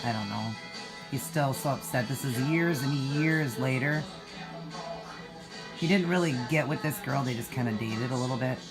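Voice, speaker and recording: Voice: medium pitch, normal speed, over music. A food vlogger who retells a film plot in a rambling, chatty way. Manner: rambling and chatty, with frequent fillers.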